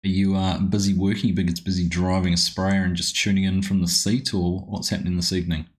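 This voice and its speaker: Deep-voiced New Zealand man streaming games. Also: level tone, fast. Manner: friendly, rambling, greets viewers by name. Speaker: game streamer. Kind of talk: casual live-stream chat.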